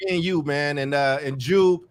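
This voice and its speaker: A man hosting a podcast in casual chat, warm and effusive, often repeating and stumbling over words. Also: a little high, unhurried, clean tone. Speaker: podcast host.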